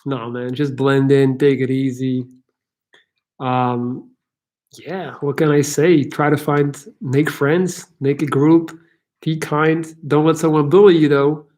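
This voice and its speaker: A man hosting a livestream Q&A, chatting casually and joking as he answers viewer questions. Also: a little high. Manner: chatty and joking, laughs easily. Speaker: livestream Q&A host.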